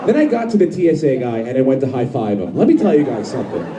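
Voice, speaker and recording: A man's voice: mid-range voice, big pitch swings, fast talker, heavy background noise. A man in his thirties doing live stand-up comedy in a club, brash and profane, bantering with the crowd. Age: 30s. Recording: echoey club, distant mic, crowd. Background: audience laughter.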